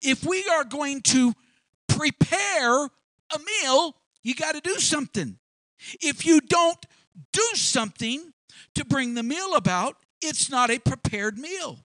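A man's voice: very high-pitched, expressive, takes it slowly, bright, forceful tone, dry recording, poor audio. A man preaching a sermon, repeating words often and acting out both sides of imagined conversations. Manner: repeats words, acts out dialogue in quoted voices.

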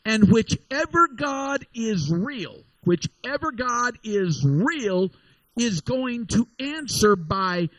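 Man playing a bold old prophet, bossy and taunting, kinda high voice. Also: big pitch swings, slow, a bit bright, no room sound, full character voice, rough recording. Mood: commanding. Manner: taunting, commanding. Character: bold, mocking old male prophet, calm and sure.

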